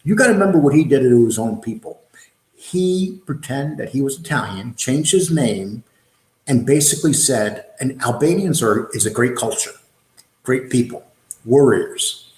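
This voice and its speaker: A man's voice: mid-range voice, expressive, moderate pace, a little mellow, echoey room, poor audio. A man hosting a casual livestream, reading viewer comments aloud and answering in blunt, rambling street talk.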